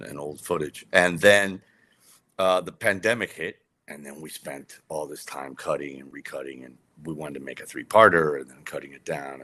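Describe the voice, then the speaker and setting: Low, forceful-voiced male director telling a story. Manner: animated, rambling, many fillers and restarts. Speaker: documentary director interviewing an author. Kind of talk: casual conversational storytelling.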